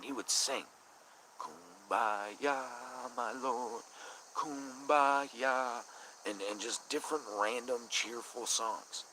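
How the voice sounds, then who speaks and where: Deep-voiced man rambling on a live chat. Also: noisy background. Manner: rambling, profane, reads chat aloud. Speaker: live stream host. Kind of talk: casual live-chat monologue.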